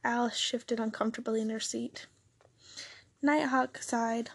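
A woman narrating a fan story aloud in a steady reading voice, husky and gravelly. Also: fairly high pitch, a little slow, pauses often, no echo.

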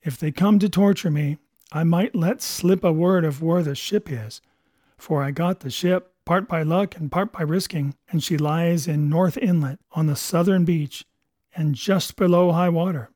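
Storybook figure: man reading as an honest, remorseful boy, firm tone, mellow voice, dry sound. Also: on the high side, unhurried, no echo. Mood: resolute. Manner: pleading yet resolute.

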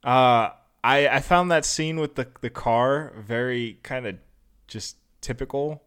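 A young man co-hosts a laid-back movie review, talking in a loose, rambling way and slipping into goofy voices when he quotes scenes. His voice is smooth and clear, sitting at an ordinary middle pitch. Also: measured pace, fairly bright tone. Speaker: podcast co-host. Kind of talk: casual movie review chat.

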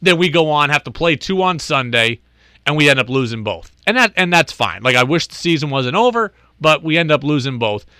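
A man hosting a sports talk show, telling a story in an animated, exasperated way. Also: a little high, fairly quick, smooth, dry recording.

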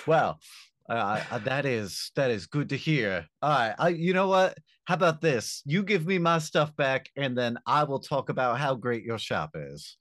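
Guy player in a tabletop game, lively voice bouncing around, dry sound. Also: mid-range voice, measured pace, no room sound. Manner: animated, playing his character in his own voice. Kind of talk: tabletop role-play.

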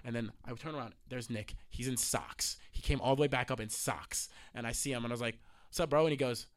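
A man with a slightly sick, raspy voice, casually telling a rambling, laughing, profane story on a studio podcast. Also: medium pitch, steady tone, a little fast. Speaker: podcast host.

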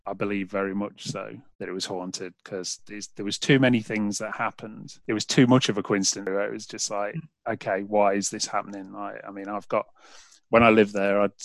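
A man's voice: lowish voice, no echo. A man in his thirties with a Derby English accent, hosting a podcast and telling rambling stories with many restarts. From England. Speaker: podcast host. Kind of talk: casual chat.

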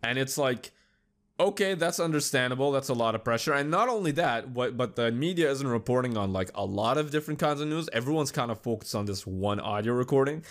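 A man's voice: mid-range voice, animated, fairly quick. A young man hosting a podcast, chatting casually in a loose, rambling way with lots of swearing. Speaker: podcast host. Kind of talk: casual solo commentary.

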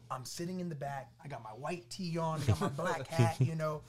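Animated storyteller, fairly high male voice. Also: fairly quick. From Los Angeles area. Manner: animated, acts out quoted voices, laughing through funny parts. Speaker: podcast guest. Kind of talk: storytelling testimony.

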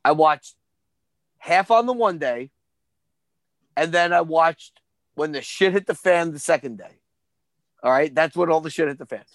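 Man, forties, high voice, casual chat, animated and swearing, dry sound. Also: unhurried, long pauses, no echo. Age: 40s. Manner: profane, animated storyteller. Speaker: podcast co-host.

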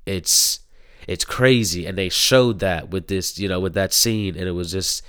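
A man's voice: sits low, measured pace, a bit bright, clean tone, no echo, clean studio sound. A man in his thirties chatting casually about a show, rambling with lots of fillers and restarts. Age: 30s. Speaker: show reviewer. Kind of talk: casual chat.

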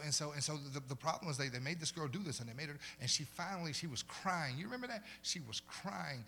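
A male pastor preaching a sermon, moving between loud preaching and soft conversational storytelling and repeating phrases for emphasis. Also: on the high side, slight background noise. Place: church.

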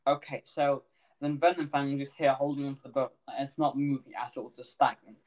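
A man's voice: mid-range voice, fairly even intonation, brisk, a little mellow, poor audio. A man narrating as game master of a tabletop game, rambling and often correcting himself mid-sentence.

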